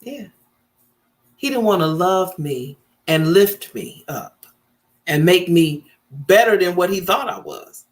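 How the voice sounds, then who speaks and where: Animated woman telling stories with big swoops. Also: fairly low pitch, slow, long pauses, a little hiss or hum. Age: 50s. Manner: animated storytelling, laughing, dramatic swoops. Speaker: vlogger. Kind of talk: casual live-stream chat.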